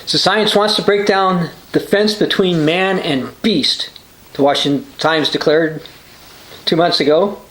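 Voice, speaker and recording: A man's voice: on the high side, a little slow, a bit bright, echoey room, poor audio. A man hosting a religious news channel, giving a short sermon as he reads news quotes and scripture aloud, with the odd "uh" and restart.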